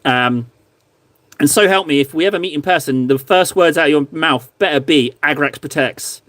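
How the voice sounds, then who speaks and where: A chatty English host talks with his viewers while he paints at his hobby desk. His voice sits a little high, and the sound is close and dry. He is rambling and self-deprecating, with a loose, joking manner. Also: moderate pace, fairly bright tone, dry recording. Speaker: livestream host painting miniatures. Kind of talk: casual livestream chat.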